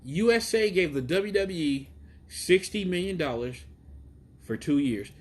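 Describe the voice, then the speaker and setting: A man from Chicago hosting a casual live stream outdoors, talking in a profane, excitable, rambling way about wrestling. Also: high-pitched, unhurried. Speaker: wrestling show host. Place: outdoors in the heat.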